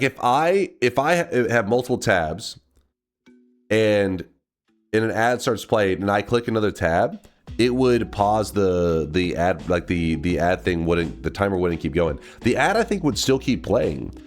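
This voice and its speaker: A man from Texas, a game streamer with a stuffed-up nose, chatting casually on a livestream in a rambling, swearing way. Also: lowish voice. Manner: rambling, swearing, laughing to himself.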